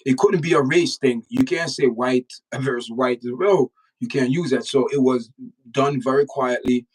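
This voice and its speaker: Jamaican male host, middle pitch, forceful repetitive stream talk, mic set back a bit. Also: measured pace, distant mic, rough recording. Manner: emphatic, repeats words, lectures the chat directly. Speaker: channel host reacting to news and chat. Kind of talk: casual livestream commentary.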